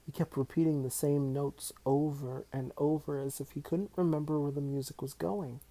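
A man reading a children's novel aloud in an unhurried, even storytelling manner. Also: on the high side. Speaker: audiobook reader.

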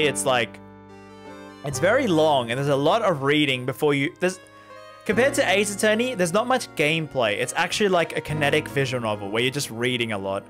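Chatty male streamer with a lively voice. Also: fairly high pitch. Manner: rambling, laughs often, talks to chat. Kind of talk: casual live-stream chat while playing a visual novel.

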